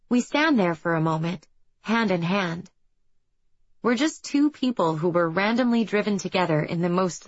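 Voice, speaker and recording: A young adult woman reading a first-person story as an audiobook narrator, in an even, reflective storytelling manner. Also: lowish voice, husky, no room sound, muffled recording.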